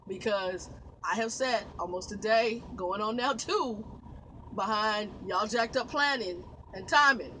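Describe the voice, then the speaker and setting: A woman's voice: mid-range voice, normal speed, bright, forceful tone, a little hiss or hum, rough recording. A woman truck driver, telling a long story vlog-style, exasperated, swearing and laughing as she vents. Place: inside a truck.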